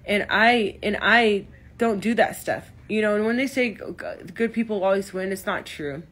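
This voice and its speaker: A woman's voice: medium pitch, moderate pace, fairly bright tone. A woman in her thirties venting on a phone livestream, emotional, hurt and defensive, with many restarts. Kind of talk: upset livestream rant. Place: in her car.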